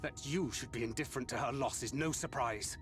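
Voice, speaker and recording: A man's voice: mid-range voice, a little fast, over music, close to an everyday voice. An actor voicing a solemn, sorrowful male companion in a video game. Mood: grieving. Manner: solemn, reproachful.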